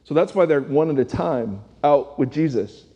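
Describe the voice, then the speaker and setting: A man's voice: a little high, expressive, normal speed, warm tone, slightly rough, highs cut off. A man preaching a conversational sermon as a pastor, talking casually and asking the audience rhetorical questions. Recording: long reverb of a large hall.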